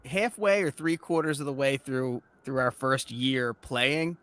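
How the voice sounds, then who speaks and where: A man's voice: mid-range voice, a little slow, a bit bright, no echo. A man interviewing a guest casually, asking rambling questions full of fillers.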